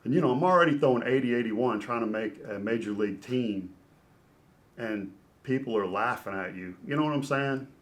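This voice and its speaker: A middle-aged man, a former pitcher turned announcer, telling an animated story as a podcast guest. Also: a little fast. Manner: lively storyteller with rising excitement and reflective close.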